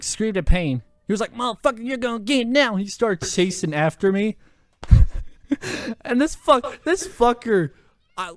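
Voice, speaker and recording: A young man hosting a podcast, telling a story in a loud, animated way and swearing often. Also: a little high, no echo, clean studio sound. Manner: animated, swears a lot, laughs through his story. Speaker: podcast host. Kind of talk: casual storytelling.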